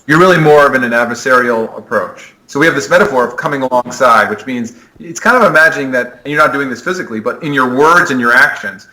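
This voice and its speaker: A man's voice: mid-range voice, expressive, fast talker, hardly any pauses, sharp tone, low-quality recording. A man, a sport psychologist, earnestly explaining ideas in a podcast interview, often restarting his sentences. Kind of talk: conversational explanation.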